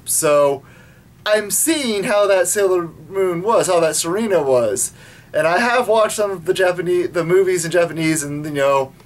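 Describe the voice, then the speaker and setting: An anime vlogger giving a casual, rambling review at home, full of restarts and swearing. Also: mid-range voice.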